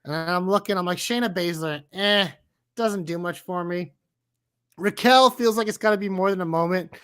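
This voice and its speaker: A man's voice: high-pitched, normal speed, a bit bright, smooth. A man co-hosting a casual wrestling podcast, joking and bantering playfully. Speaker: podcast co-host.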